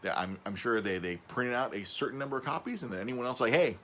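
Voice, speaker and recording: A man hosting a casual podcast, rambling, stumbling over and repeating his words, his voice jumping up when he gets excited. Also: mid-range voice, fast talker, slight background noise. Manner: excitable, voice jumps up on emphasis. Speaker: podcast host.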